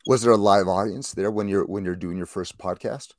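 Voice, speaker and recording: A man's voice: low-pitched, steady tone, fairly quick, a little mellow, no room sound. A man calling in to a talk show, asking curious, detailed questions. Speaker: caller. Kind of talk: casual interview questions.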